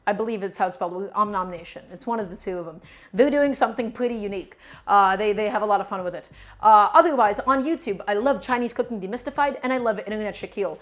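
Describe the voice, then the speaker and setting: A woman streaming a cooking lesson from her home kitchen, talking to her viewers in an emphatic, repetitive way. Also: fairly high pitch. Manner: emphatic, repeats key points while chatting to viewers.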